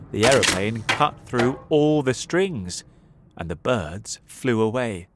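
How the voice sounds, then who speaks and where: A man reading a children's story aloud as a graded-reader narrator, clear and deliberate. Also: lowish voice, background noise. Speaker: audiobook narrator.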